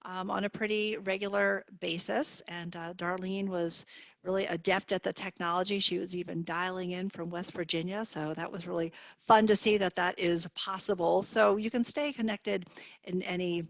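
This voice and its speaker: A woman speech therapist teaching on a video call, in a clear and encouraging manner. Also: fairly low pitch, fairly even intonation, moderate pace, no room sound. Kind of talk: online therapy demonstration.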